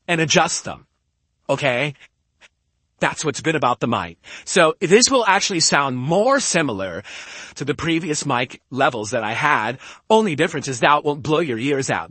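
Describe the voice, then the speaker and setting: This is casual stream talk from a man at home who argues emphatically and keeps checking with "okay?". His pitch is a little high for a man and his tone a bit bright. He is right up on a studio podcast mic, and the audio is dry and roomless.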